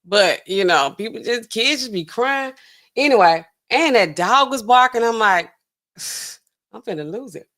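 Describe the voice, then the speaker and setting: A woman's voice: a little high, slow. Chatty woman hosting a livestream reaction. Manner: chatty and animated, talking straight to chat viewers; relaxed slangy speech with frequent filler words. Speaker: host reacting to drug news clips. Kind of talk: casual livestream reaction chat.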